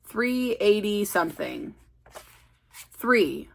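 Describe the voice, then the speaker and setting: A woman's voice: medium pitch, very animated, very slow, vocal fry. Chatty woman book vlogger. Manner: chatty, self-mocking, rambling. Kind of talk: casual vlog reading diary.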